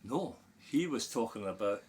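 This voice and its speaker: A man's voice: lowish voice, moderate pace, a little hiss or hum. A middle-aged Scottish man, a podcast guest chatting casually and telling an anecdote with growing animation. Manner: animated storyteller, laughs while telling anecdotes. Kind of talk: casual storytelling chat.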